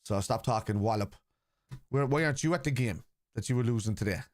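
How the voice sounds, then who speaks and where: A man's voice: medium pitch, brisk, no room sound. Blunt man, dry close mic. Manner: blunt, combative with chat, reads comments aloud. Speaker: football watchalong host. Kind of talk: casual live-stream chat.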